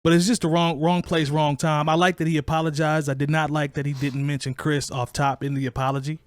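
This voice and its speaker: A man's voice: a little high, little pitch movement, brisk, no echo. A man hosting a hip hop talk podcast, giving his opinions in casual chat with frequent restarts. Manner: conversational, opinionated, restarts a lot. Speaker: podcast host.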